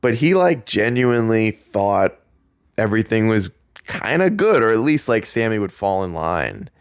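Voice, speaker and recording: Podcast guy geeking out over wrestling, kinda low voice, dry close mic, says like a lot. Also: normal speed, clear, resonant tone, no room sound. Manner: excited, chatty, lots of fillers and laughs. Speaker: podcast host. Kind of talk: casual wrestling recap.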